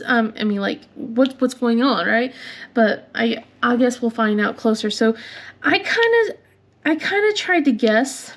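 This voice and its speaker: Chatty, giggly woman with a bright voice. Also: on the high side, animated, unhurried. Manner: rambling, chatty, laughs often. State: coughing from bad air. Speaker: crafting channel host. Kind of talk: casual chat while crafting.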